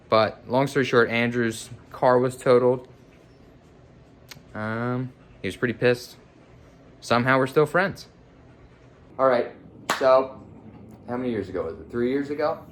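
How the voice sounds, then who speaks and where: A man's voice: fairly low pitch, a bit bright, echoey room. A young man from the Philadelphia area casually telling a story as a podcast host, laid-back, with lots of fillers and restarts.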